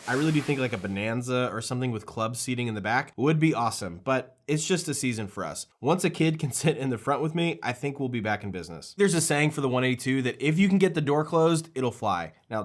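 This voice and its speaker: Plain-spoken man explaining planes. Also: mid-range voice. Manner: conversational, laughs lightly, plain-spoken. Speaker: aviation channel host and plane owner. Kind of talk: casual explainer to camera.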